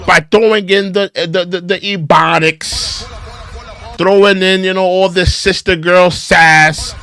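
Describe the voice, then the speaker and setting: A man's voice: high-pitched, fairly even intonation, slow, sharp tone, smooth. A man hosting an opinion show, giving critical commentary on clips and repeating his phrases for emphasis.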